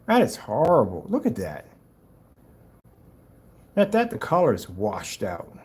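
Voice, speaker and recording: A man reacting to a rival's screen paint video with mocking, exasperated commentary, swinging between loud outbursts and low muttering. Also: wildly swooping pitch, unhurried, breathy edge.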